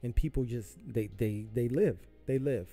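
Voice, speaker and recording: Swearing and repeating himself, this podcast host from Southern California rants hotly about politics. His voice is medium-pitched and mellow at a moderate pace, with faint music in the background.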